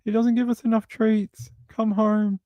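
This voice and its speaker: A man voicing a pet cat that whines for its owner to come home, in a high meowing plea. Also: level tone, unhurried, no room sound, muffled recording. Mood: pleading.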